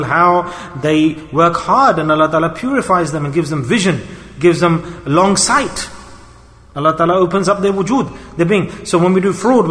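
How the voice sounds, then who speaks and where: A man's voice: a little high, fairly bright tone, long reverb tail. A man giving an earnest sermon, asking rhetorical questions and acting out people's pleading prayers. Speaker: preacher.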